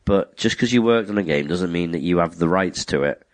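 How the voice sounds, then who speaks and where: A man chatting as a podcast co-host, his voice low and his remarks dry and wry. The sound is dry, with little room around it. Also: fairly quick, no room sound. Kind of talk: casual chat about video games.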